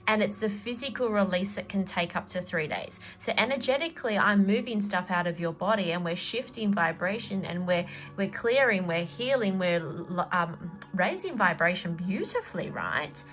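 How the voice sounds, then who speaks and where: A woman's voice: medium pitch, fairly bright tone. A middle-aged woman, a tarot reader and energy healer, talking casually and rambling with lots of fillers. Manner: chatty, rambling, with many fillers and laughs. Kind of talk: casual spoken tarot reading.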